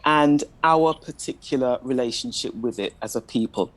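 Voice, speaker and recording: Low-voiced woman panelist, measured. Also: rough recording. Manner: measured, questioning, self-deprecating. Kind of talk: panel discussion.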